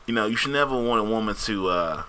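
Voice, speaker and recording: A man hosts a casual podcast, blunt and profane, always ready with a joke. His voice is bright and sharp, his pitch swings widely, and he speaks into a studio podcast mic. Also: animated, fast, a little hiss or hum. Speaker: podcast host.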